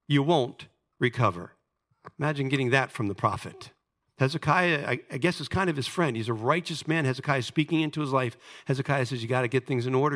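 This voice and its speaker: A male preacher tells a Bible story during a sermon, dramatically alternating between loud emphasis and hushed asides. His voice sits high.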